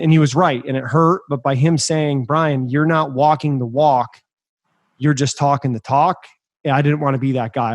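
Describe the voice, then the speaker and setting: A man hosting a podcast, telling a story in an emphatic, energetic way. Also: mid-range voice, dry recording. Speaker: podcast host.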